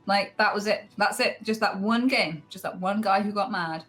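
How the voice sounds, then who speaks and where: A woman's voice: mid-range voice, normal speed, fairly bright tone, faint music behind, low-quality recording. A woman telling a story in casual group chat, candid and swearing freely. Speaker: streamer guest.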